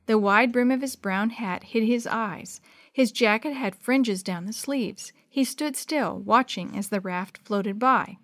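Woman, storybook reader, lively voices for the children, slightly high voice, dry close sound. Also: unhurried, dry recording. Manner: lively, shifts voice for each child, drops to a hush for whispers. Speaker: storybook narrator.

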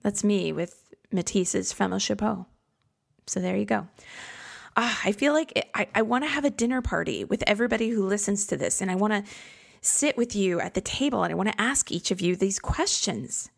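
Chatty woman with a gravelly low voice. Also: normal speed. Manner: chatty, reflective, self-deprecating. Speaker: podcast host. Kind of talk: casual solo podcast talk. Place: home studio in a converted garage.

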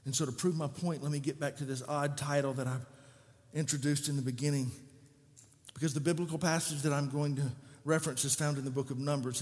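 A male pastor preaching a sermon, animated and sometimes shouting, sometimes conversational. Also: medium pitch, long reverb tail.

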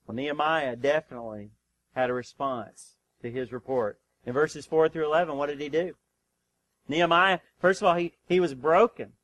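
High-voiced, emphatic preaching man. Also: normal speed, no echo, low-quality recording. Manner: emphatic, swings between urgent and hushed, calls for "Amen?". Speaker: pastor. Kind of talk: sermon. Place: church sanctuary.

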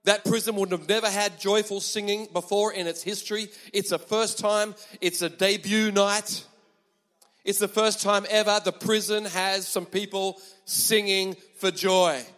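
A man preaching a sermon, emphatic and animated, with chatty asides to the congregation. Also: high-pitched, unhurried, long reverb tail.

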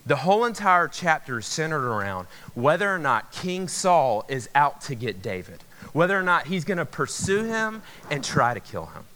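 A preacher with a lilt tells a story from the pulpit. His pitch swings widely as he acts out voices. His tone is bright and ringing, and he drops to near-whispers before bursting out again. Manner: animated storyteller, acts out voices, jumps from hushed to loud. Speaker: pastor. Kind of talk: sermon with a personal story.

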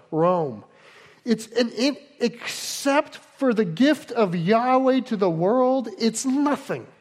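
A male pastor with a notably high voice, preaching in a loose, conversational way. He breaks off often for asides and explanations. His words ring with the long reverb of a big church hall. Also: a little mellow. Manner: conversational teaching with frequent asides. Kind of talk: sermon.

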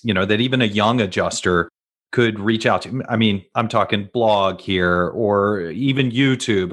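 A man hosting an interview, asking long and loosely built questions in a relaxed way. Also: lowish voice. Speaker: host. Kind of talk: conversational interview.

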